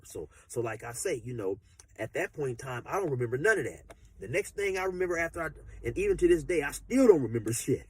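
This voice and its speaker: A man's voice: mid-range voice, very animated, fast talker, breathy edge. A man telling a story casually, rambling with repeated fillers.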